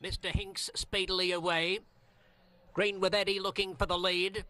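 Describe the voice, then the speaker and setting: A man calling a horse race live, with a rapid, rhythmic calling cadence. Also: high-pitched, flat delivery, pushed and bright, slight background noise. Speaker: race caller.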